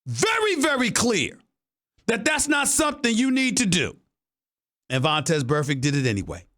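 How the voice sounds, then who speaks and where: A man hosting sports talk radio, with punchy and emphatic delivery. His voice sits high for a man and sounds bright and forceful. He drives every point home with strong opinions. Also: wildly swooping pitch, moderate pace. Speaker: sports talk show host.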